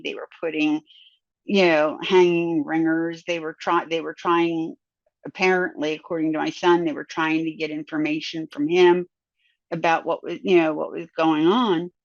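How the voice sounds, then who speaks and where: Woman guest, low gravelly voice, unhurried halting testimony, dry dull lo-fi recording. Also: no echo. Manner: halting, repeats and restarts words. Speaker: guest recounting a near-death experience. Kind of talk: personal testimony.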